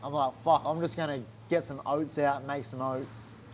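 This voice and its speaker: A man's voice: fairly high pitch, fairly even intonation, moderate pace, a little hiss or hum. A young Australian man, a fighter, telling a story in a casual interview, swearing a lot and acting out what others said. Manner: swears a lot, acts out quotes animatedly.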